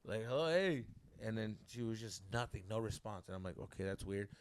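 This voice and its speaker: A young man and podcast co-host telling a story among friends in a casual, animated way, acting out both sides, swearing freely and mixing in Spanish slang. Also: lowish voice, quick pace, a little hiss or hum.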